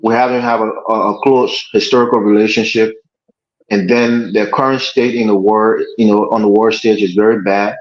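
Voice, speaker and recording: A man hosting a political panel discussion, making his case in a measured, argumentative way. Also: on the low side, fairly even intonation. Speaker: panel host. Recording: echoey room, dull lo-fi audio.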